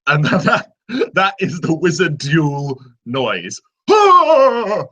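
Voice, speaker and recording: A man guesting on a live panel talks in casual chat with a crisp, bright tone. His pitch swings up and down as he explains, and he keeps the delivery animated. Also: slow. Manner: animated, laughs while explaining.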